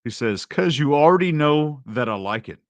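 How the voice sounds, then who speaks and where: A man's voice: on the high side, expressive, normal speed, dry recording. A man hosting an online commentary show, talking in a sarcastic, mock-indignant way. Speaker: host. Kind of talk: casual commentary.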